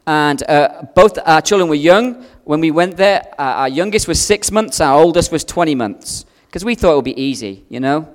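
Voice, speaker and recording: A man preaching a sermon, telling a personal story with strong swings between loud and hushed delivery. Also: on the high side, in a large hall. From outside America.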